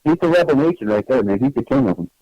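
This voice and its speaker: Brief: male host, mid-pitched, halting and teasing, dry close sound. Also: lively intonation, mellow, dry recording, dull audio. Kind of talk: casual radio chat.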